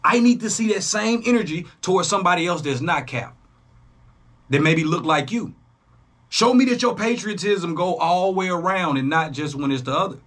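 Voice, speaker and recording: A young man, hosting a reaction channel in a casual, profane monologue that swings between loud jabs and low asides. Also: normal speed. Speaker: YouTube reaction host.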